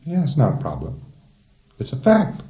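A man's voice: mid-range voice, wildly swooping pitch, normal speed, reverberant, muffled recording. A man giving an informal lecture to a class of trainees, emphatic and wry, chuckling at his own jokes.

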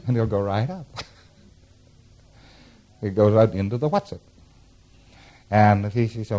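A man's voice: on the low side, measured pace, long pauses, warm tone. Man lecturing a class with diagrams. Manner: explains diagrams, chuckles, acts out examples. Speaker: instructor.

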